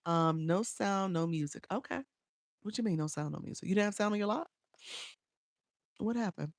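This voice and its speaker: A chatty woman with a gravelly, creaky edge to her voice coaches live streamers and answers viewers by name. She repeats her points as she goes. The sound is dry and close, recorded on a phone. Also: mid-range voice, normal speed, no room sound.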